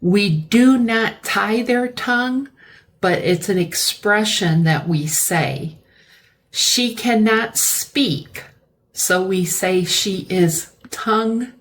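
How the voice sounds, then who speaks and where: Very slow, deliberate woman teacher. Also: mid-range voice. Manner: deliberate, repeats key words, explains definitions. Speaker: English vocabulary teacher. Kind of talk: slow classroom-style vocabulary lesson.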